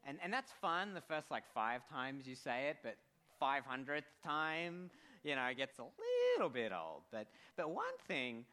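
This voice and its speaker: A man with an accent preaching a heartfelt sermon, pausing with emotion and leading a prayer. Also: medium pitch, big pitch swings, sharp tone. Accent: non-American accent. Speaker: pastor.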